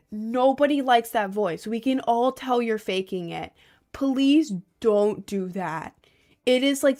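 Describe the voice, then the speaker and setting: A young woman livestreaming, chatting casually with her viewers in a rambling, animated way with lots of "like" and laughter. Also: medium pitch. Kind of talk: casual livestream chat reading viewers' messages.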